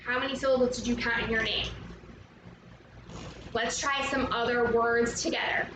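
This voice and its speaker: A young woman teaching an online arts lesson to young children, speaking in an upbeat, slow and clear way and inviting the viewer to join in. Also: fairly high pitch, fairly even intonation. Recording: roomy, echoey, from a distance with background noise.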